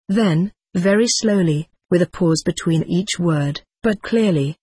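A narrator reading a first-person memoir aloud in a steady, unhurried audiobook style. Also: mid-range voice, husky, no echo.

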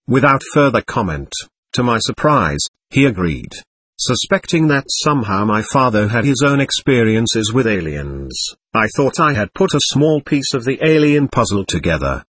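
A man in his twenties telling his own story in earnest, measured first-person narration. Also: mid-range voice, very animated, fairly bright tone, husky, no echo. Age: 20s.

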